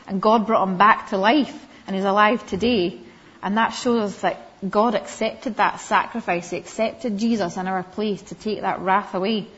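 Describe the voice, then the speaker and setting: A woman giving a Bible lesson to young children, gently questioning them and calling on them by name. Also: medium pitch. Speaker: Sunday school teacher. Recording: slightly dull lo-fi recording.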